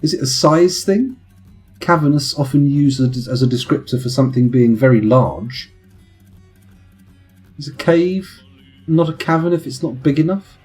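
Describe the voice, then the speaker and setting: A man's voice: a little high, moderate pace, long pauses, darkish tone, soft background music. A man with children, chatting casually and rambling into punning tangents while streaming a game. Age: adult with children. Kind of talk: casual live-stream commentary.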